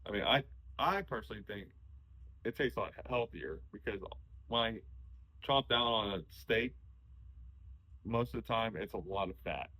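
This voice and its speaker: A man's voice: lowish voice, normal speed, long pauses, low-quality recording. A young man, a hunter, casually telling stories about hunting trips and chatting with his wife, with frequent restarts. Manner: relaxed storytelling, frequent restarts. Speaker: podcast host, hunter. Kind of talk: casual conversation.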